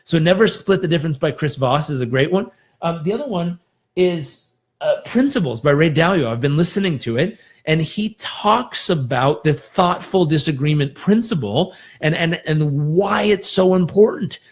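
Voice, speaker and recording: Energetic male host, fairly high voice, coaching style for a live motivational stream. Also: moderate pace. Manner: energetic, coaching, demonstrates breathing aloud.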